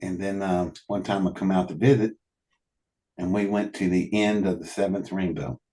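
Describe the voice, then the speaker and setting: A man telling animated anecdotes in a casual conversation, often laughing and quoting what people said. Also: deep voice, normal speed. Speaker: guest telling stories. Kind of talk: casual storytelling.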